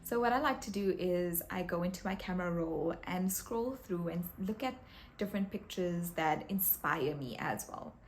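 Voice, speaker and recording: A woman's voice: lowish voice, expressive, normal speed, slight background noise. A woman in her twenties talking to camera in a casual, upbeat advice vlog, with small restarts now and then. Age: 20s. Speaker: YouTube creator.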